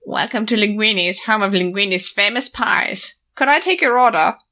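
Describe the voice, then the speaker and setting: A woman's voice: mid-range voice, animated, normal speed, bright, forceful tone. A woman voicing a scrawny, nasal teenage male pony working a pizza counter in an audiobook. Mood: dutiful. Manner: rote customer-service greeting. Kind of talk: audiobook character voice.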